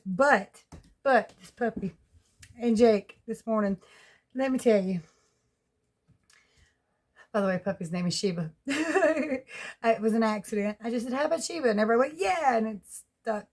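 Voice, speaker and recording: Woman Southern vlogger, rambling folksy home chat, a bit high-pitched, laughs a lot. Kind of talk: casual home vlog chat. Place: at home with pets.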